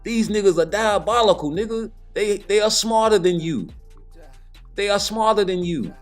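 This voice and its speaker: A man's voice: high-pitched, moderate pace, soft background music. A man giving heated, profane boxing commentary in a casual rant, blunt and repeating points for emphasis.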